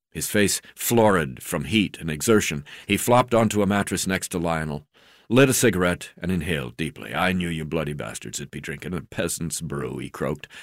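Deep-voiced man narrating a memoir. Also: no echo, clean studio sound. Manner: hesitant, frequent "uh" fillers and restarts.

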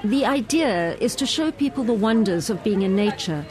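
A woman reporter reading a scripted news narration in a measured, even way. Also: mid-range voice.

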